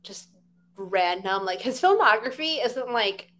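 A woman's voice: a little high, lively intonation, a little slow, a bit bright, slight background noise. A young woman in casual chat as a podcast co-host, chatty with lots of fillers.

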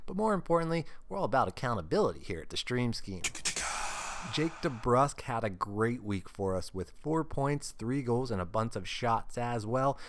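A man's voice: medium pitch, lively intonation, normal speed, a little hiss or hum. A man hosting a solo sports podcast, upbeat and jokey, often laughing mid-sentence. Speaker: podcast host.

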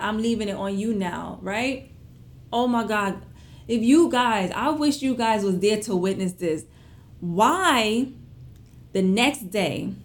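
A young woman telling viewers a personal story in an animated, chatty way, full of fillers and asides. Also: medium pitch, a little hiss or hum. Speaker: vlogger.

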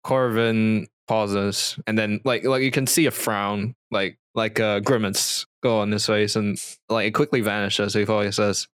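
A man's voice: lowish voice, fairly even intonation, unhurried, few pauses, fairly bright tone, clean tone, no echo. A man narrating as game master of a tabletop game, rambling and laughing often. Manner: rambling, many fillers and restarts, laughs often.

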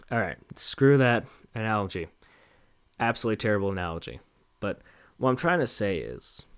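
A young man talks on his own podcast in a lowish voice, rambling and self-mocking, full of fillers and asides. The sound is dry and close, with no room echo. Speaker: podcast host. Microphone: handheld microphone with headphones.

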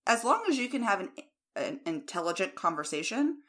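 A woman's voice: medium pitch, sing-song, a little fast, a bit bright. An American woman co-hosting a podcast in casual chat, speaking frankly and with plenty of opinion. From United States. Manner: frank, opinionated, laughs easily. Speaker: podcast co-host.

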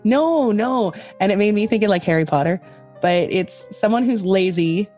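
A woman's voice: medium pitch, lively intonation, normal speed, warm tone, soft background music. A woman hosting a podcast in casual chat, chatty and swearing freely while laughing at herself. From Canada. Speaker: podcast host.

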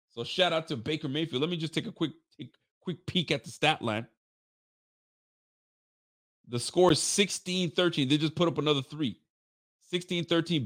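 A man's voice: fairly high pitch, fairly bright tone, dry recording, studio quality. Hyped, trash-talking man on a live sports stream. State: tired. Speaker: sports fan channel host. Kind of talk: live post-game reaction stream.

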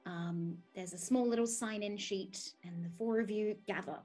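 A woman's voice: medium pitch, normal speed, a little mellow, soft background music. Giggly woman narrating as game master. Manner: giggly, breaks into laughs.

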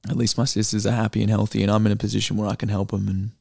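A man's voice: fairly low pitch, level tone, racing, vocal fry, a little mellow, no room sound, clean studio sound. A man in his twenties with an Australian accent, telling stories in casual chat, swearing freely and full of fillers. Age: 20s. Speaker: podcast co-host, actor and comedian.

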